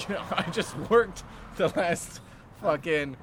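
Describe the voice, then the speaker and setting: A man's voice: a little high, takes it slowly, slight background noise. A young man and comedian venting casually, blunt and profane, sounding overtired. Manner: blunt, swears often, tired venting. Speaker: stand-up comedian. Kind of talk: casual chat.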